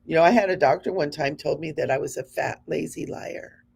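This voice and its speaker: A woman's voice: sits low, a little fast, creaky, darkish tone, husky. A woman in her fifties hosting a spiritual show, talking to her audience in an earnest, encouraging, conversational way. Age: 50s.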